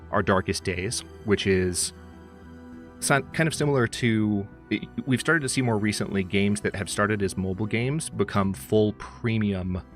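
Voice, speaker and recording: Chatty low-voiced man streaming. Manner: rambling, chatty, greets chat by name. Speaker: streamer host. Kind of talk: casual livestream chat. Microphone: close studio mic. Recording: faint music behind.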